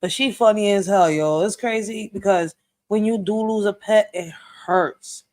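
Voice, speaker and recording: A woman hosting a reaction video at a mid pitch. She talks in a slangy, chatty way and speaks straight to her viewers. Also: normal speed, darkish tone. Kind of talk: casual reaction commentary.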